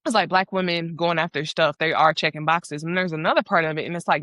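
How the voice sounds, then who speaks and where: Young woman cohost, lowish voice but bright, earnest and quoting people, dry mic. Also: fast, few pauses, dry recording. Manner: earnest storytelling, quotes conversations. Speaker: podcast co-host. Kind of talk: casual chat.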